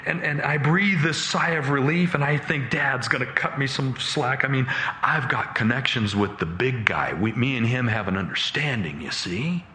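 A man preaching as he tells a dramatic story, stumbling and restarting in his excitement. His voice is bright and forceful. It echoes through a roomy space with a faint hiss of background noise. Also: medium pitch, normal speed. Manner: animated, dramatic retelling with restarts. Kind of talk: sermon storytelling. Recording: echoey room.

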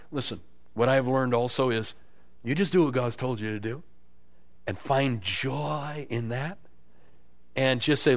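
A man preaching a sermon as pastor, animated and emphatic, swinging between quiet stretches and loud peaks, acting out quotes with a sarcastic edge. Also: medium pitch, normal speed. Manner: acts out quotes with sarcastic inflection.

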